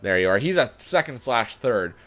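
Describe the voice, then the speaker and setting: A man's voice: mid-range voice, big pitch swings, moderate pace, fairly bright tone, faint music behind. A man giving casual commentary on a sports management game, chatty and thinking aloud, often correcting himself as he goes. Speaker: gaming YouTuber.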